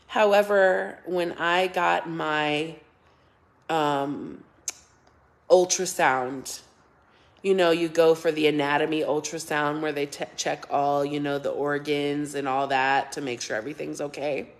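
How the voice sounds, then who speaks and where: A woman's voice: low-pitched, fairly even intonation, measured pace, gravelly. A middle-aged woman hosting a casual livestream, chatting and thanking viewers by name, often laughing. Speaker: livestream host reading viewer comments.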